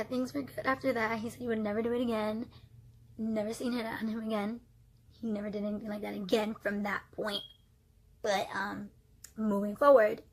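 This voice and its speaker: A young woman vlogger telling a storytime casually, animated, dropping into whispers and laughs, with a breathy voice. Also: a little high. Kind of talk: storytime vlog, casual retelling.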